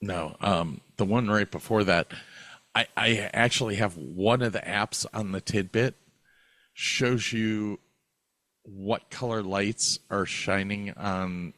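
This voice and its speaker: Slow-talking man cracking crude jokes. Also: lowish voice, fairly bright tone, no room sound. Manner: joking, crude humor. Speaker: podcast co-host. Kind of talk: casual chat.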